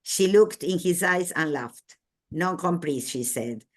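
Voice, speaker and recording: A woman's voice: fairly low pitch, expressive, slow pace. A woman teaching a literature class. She reads passages aloud and explains them, with many fillers and checking tag questions. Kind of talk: classroom lecture reading aloud from a novel.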